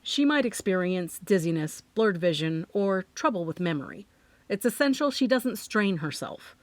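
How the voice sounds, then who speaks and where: A woman reading an audiobook, voicing a calm, reassuring male doctor. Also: on the low side, moderate pace, no echo.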